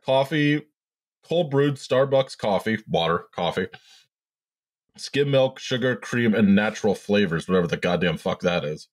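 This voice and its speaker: A man's voice: lowish voice, expressive, unhurried. A man in his thirties co-hosting a podcast, trading profane, sardonic banter in casual chat. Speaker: podcast co-host.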